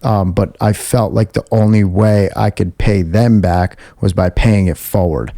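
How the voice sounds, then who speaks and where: A man with a very low, gravelly voice speaking in a dark, mellow tone. He co-hosts a casual podcast and sounds sincere and reflective. The sound is dry and close. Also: steady tone, a little slow, no room sound. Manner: earnest, reflective, grateful. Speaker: podcast co-host.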